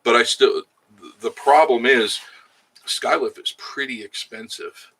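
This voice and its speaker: He speaks unhurriedly in a mid-range voice, bright and forceful with a slightly rough quality. Hosting an easygoing live stream outdoors in the Smoky Mountains, he jokes between laughs and chats with viewers by name.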